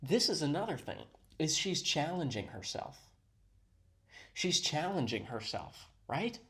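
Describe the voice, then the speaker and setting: A man's voice: medium pitch, expressive, unhurried, a bit bright. A man hosting a reaction video, giving sarcastic, mock-admiring commentary.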